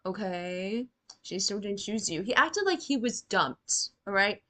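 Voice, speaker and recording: A woman's voice: medium pitch, very animated, moderate pace, fairly bright tone. A young woman giving casual reaction commentary on a TV show, blunt and sarcastic, swearing freely and talking straight to the characters.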